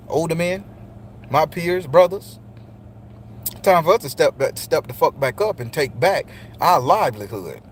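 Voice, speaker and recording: Speaking directly to his listeners, a middle-aged host of a channel for men gives a casual monologue that is preachy, blunt and full of profanity. His voice is on the high side. The recording carries a little hiss or hum.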